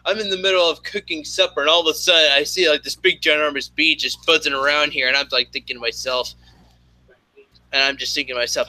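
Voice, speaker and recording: A man's voice: fairly high pitch, steady tone, fast talker, sharp tone, dry recording, poor audio. A young man hosting a casual live stream from his apartment, rambling and joking with many fillers. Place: home apartment.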